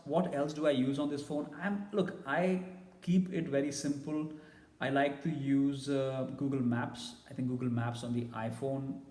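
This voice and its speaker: A man's voice: medium pitch, darkish tone, echoey room, long reverb tail. A man giving a casual, blunt and opinionated tech review.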